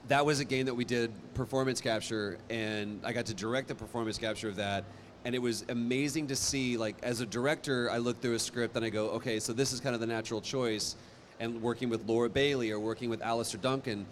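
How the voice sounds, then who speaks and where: A man speaking as a guest on a convention panel, telling stories in a lively, animated way with quick asides. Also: mid-range voice, slight background noise. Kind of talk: casual panel talk. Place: convention hall stage.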